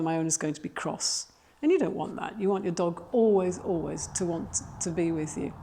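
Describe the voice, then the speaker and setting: This instructional video shows a woman dog trainer outdoors, speaking practically and plainly but gushing brightly when praising the dog. Her medium-pitched voice carries a big-room sound.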